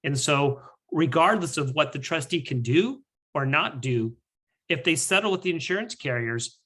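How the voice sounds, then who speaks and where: A man's voice: fairly high pitch, animated, moderate pace, bright, forceful tone. A man on a town hall panel who explains a point earnestly.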